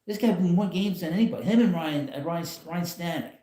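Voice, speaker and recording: A man's voice: high-pitched, a little fast, dark tone, reverberant. A man hosting a casual live stream from home, talking in a rambling, blunt way with frequent chuckles. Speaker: channel host. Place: home, in a rocking chair.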